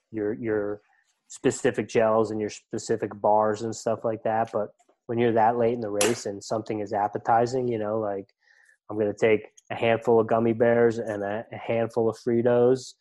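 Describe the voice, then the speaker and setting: Middle-aged male podcast guest, low and even, loose rambling chat. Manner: rambling, filler-heavy, restarts words. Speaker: ultramarathon runner and coach, guest. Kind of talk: casual podcast conversation.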